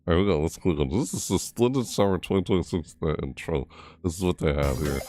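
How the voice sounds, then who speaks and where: Here a deep-voiced, expressive gaming video creator talks fairly quickly while reacting to a game trailer. He keeps yelping and exclaiming in surprise and swears mildly, saying things like "frick" and "what the heck," over faint trailer music.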